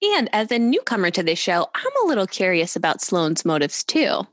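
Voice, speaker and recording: A woman's voice: medium pitch, huge pitch swings, normal speed, no room sound. Woman cohost chatting about a show, playful and blunt, voice bounces around a lot, dry close sound. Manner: playful and blunt, laughs often. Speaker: podcast co-host. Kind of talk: casual chat recapping a TV show.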